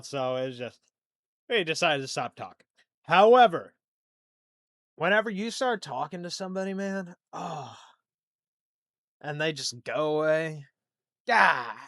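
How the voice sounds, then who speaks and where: A man's voice: a little high, a bit bright, dry recording, studio quality. A young man hosting a solo podcast, rambling and self-deprecating, dropping to a mumble and then turning emphatic. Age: young adult. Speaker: podcast host. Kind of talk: casual solo podcast monologue.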